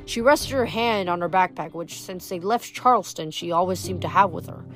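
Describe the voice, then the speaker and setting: A woman reading a novel aloud chapter by chapter, in a plain steady way with small slips. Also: lowish voice, normal speed, soft background music. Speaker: audiobook reader.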